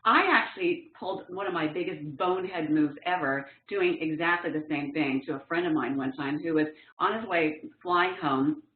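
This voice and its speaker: Low-voiced woman trainer, phone-like echo. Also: moderate pace, hardly any pauses. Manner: lively storyteller acting out quotes. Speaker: professional development trainer. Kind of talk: training talk with personal stories. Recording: tinny phone-like sound in an echoey room.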